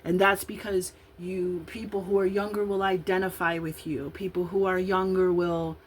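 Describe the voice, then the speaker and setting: A woman in her fifties gives a relaxed tarot reading with a somewhat low voice. She wanders off into chatty asides before returning to read the card text aloud. A faint hiss sits under her voice. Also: moderate pace, low-quality recording. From Illinois, USA. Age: 50s.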